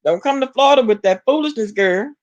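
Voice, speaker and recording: A woman from Alabama with a Southern accent, chatting casually to her live-stream viewers and reading their comments, sassy and quick to laugh. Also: a little high, animated, a little mellow, highs cut off. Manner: sassy, talks straight to chat, laughs often. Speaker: vlogger reading live chat.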